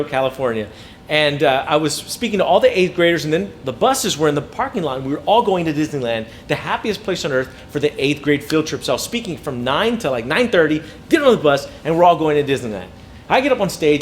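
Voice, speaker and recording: A man giving an inspirational talk to teachers, animated and acting out students' voices. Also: on the high side, a little hiss or hum. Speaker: inspirational speaker.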